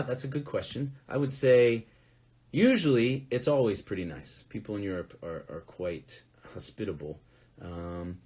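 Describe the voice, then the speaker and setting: A touring musician answering fan questions in a casual live Q&A, talking in a rambling, conversational way. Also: male voice, lowish voice, darkish tone. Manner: rambling, conversational, with fillers and restarts.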